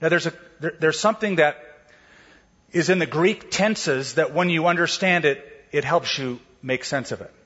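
A male pastor preaching with a somewhat high, husky voice. He explains scripture in a relaxed, storytelling way and slips into the voices of the people he quotes. The sound is dull, with a long hall reverb trailing each phrase. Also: normal speed. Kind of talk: sermon.

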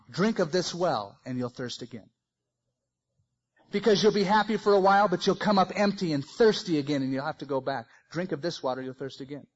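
A man preaching a sermon, swinging between loud emphasis and soft, quiet phrases. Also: sits high, slightly rough, muffled recording. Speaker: pastor.

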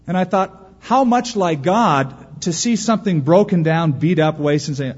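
A man preaching a sermon as a pastor, husky-voiced, animated, acting out quotes and pausing for effect. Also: on the high side. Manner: animated preaching with acted-out quotes and dramatic pauses. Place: large church auditorium. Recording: muffled recording in a large reverberant hall.

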